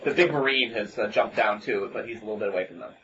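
A man narrating as game master of a tabletop game, halting with many ums and restarts. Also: on the low side, a bit bright. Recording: dull lo-fi recording with faint hiss.

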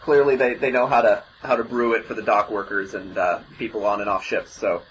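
A man running a tabletop game as game master, narrating in a halting way with many restarts. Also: lowish voice, steady tone. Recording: dull lo-fi mic, faint noise.

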